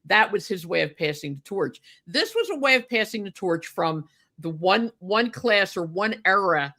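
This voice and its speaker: Bright-voiced woman ranting about wrestling. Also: mid-range voice, normal speed. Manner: animated, indignant, many fillers and restarts. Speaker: podcast co-host. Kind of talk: casual wrestling chat.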